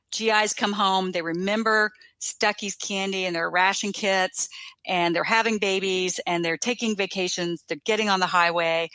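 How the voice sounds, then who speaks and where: A woman's voice: lowish voice, bright, forceful tone, dry recording. A woman from Washington, D.C., a company CEO, telling stories with ease as a guest in a casual interview.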